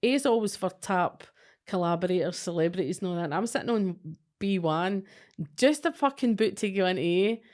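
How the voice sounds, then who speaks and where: A woman's voice: on the low side, brisk, darkish tone. A Scottish woman co-hosting a podcast, telling stories in a blunt, sweary, chatty way. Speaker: podcast co-host, psychic. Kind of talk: casual chat.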